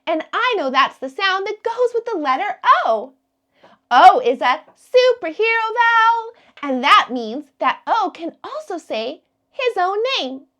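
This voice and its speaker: A woman who teaches kindergarten, giving a slow, encouraging phonics lesson to young children and drawing out each letter sound. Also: very high-pitched, very animated, a bit bright.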